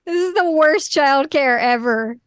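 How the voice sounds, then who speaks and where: A woman's voice: high voice, unhurried, dry recording, clean studio sound. A woman co-hosting a casual recap chat, tossing in playful, jokey remarks. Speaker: podcast co-host.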